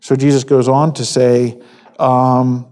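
A man giving a conversational sermon, halting with fillers and restarts, acting out quoted lines. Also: medium pitch, flat delivery, a little mellow. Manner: acts out quoted speech. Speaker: preacher.

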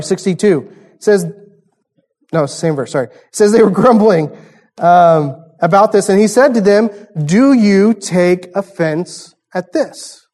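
A man's voice: high-pitched, a little mellow. A man preaching a conversational sermon, teaching through a passage and asking the congregation rhetorical questions. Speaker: pastor.

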